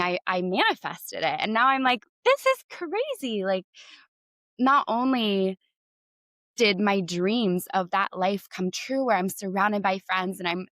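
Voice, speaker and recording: A young woman hosting a podcast, talking earnestly with many "like"s and leading a gentle breathing exercise. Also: medium pitch, dry recording. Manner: warm, earnest, says "like" often. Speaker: podcast host and coach. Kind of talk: casual talk with guided breathing.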